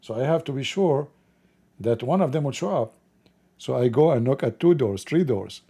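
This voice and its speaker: A man's voice: mid-range voice, lively intonation, normal speed, vocal fry, dark tone, breathy edge. A middle-aged man hosting a livestream, shifting between casual chat and blunt, mocking preaching in broken grammar. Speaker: livestream host.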